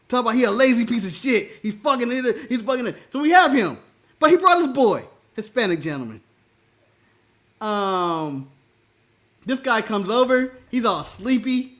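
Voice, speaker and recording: A male podcast co-host telling a story in casual chat, animated, laughing often and swearing freely. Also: extremely high pitch, moderate pace.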